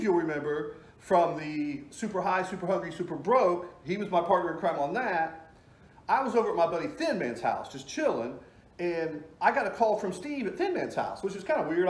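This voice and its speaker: A man telling stories in a loose, rambling way, full of fillers and asides. His voice sits a little high and swings widely in pitch as he gets into each story. It sounds like he's in an echoey room. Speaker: storyteller host. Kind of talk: casual storytelling.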